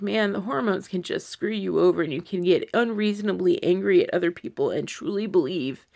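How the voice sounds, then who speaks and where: A woman vlogger with a lowish voice and vocal fry rambles to her followers in a video diary recorded at home. She sounds anxious and on the verge of tears, using lots of fillers.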